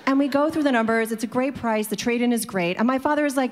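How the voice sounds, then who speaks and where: A woman's voice: high voice, fast, few pauses, big-room sound. A woman telling a personal story to an audience in a chatty way, filling it with "like" and acting out the people in it.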